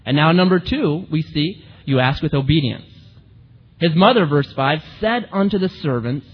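A man preaching a sermon in an animated way, acting out the voices of the people he quotes. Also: a little high, moderate pace, faint music behind. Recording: muffled recording in a reverberant hall.

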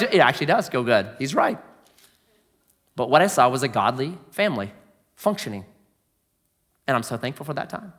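A man preaching a sermon in a conversational way, asking rhetorical questions and swinging from loud emphasis to quiet asides. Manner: swings between booming emphasis and hushed, low asides. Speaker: pastor.

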